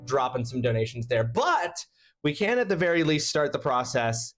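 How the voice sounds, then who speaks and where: A man's voice: mid-range voice, big pitch swings, normal speed, fairly bright tone, faint music behind. A man hosting a casual charity stream, rambling and thanking his chat by name, snacking between words. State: eating while talking.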